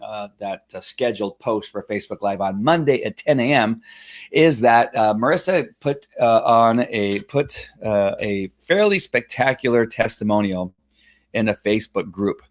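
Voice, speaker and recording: A man hosting a casual live online show, talking in a halting, rambling way with lots of fillers and restarts, at times choked up while reading a viewer's story. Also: lowish voice, animated. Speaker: host of a Facebook Live show. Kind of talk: casual live-stream talk, reading a testimonial aloud.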